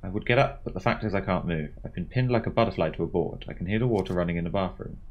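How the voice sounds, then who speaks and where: Low-voiced man reading game text aloud. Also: racing, dull audio. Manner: wry, dry asides between read passages.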